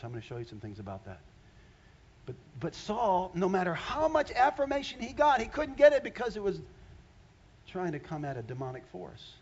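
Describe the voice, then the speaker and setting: A man preaching a sermon as a pastor, animated, swinging between loud exclamations and hushed asides. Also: a little high, muffled recording, a little hiss or hum.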